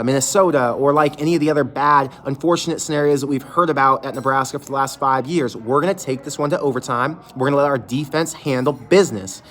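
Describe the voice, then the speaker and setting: A man at an ordinary middle pitch hosts a livestream for his fan channel, sitting in an empty, closed restaurant. He vents candidly and sounds fed up, with casual swearing throughout. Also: a bit bright. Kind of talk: livestream venting reaction.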